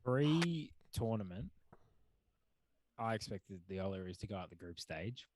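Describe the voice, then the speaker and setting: A fairly low-voiced man offering wry, measured remarks during a live football watch-along. His voice sounds dry and close, with no room behind it. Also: animated, a little mellow, no echo, rough recording.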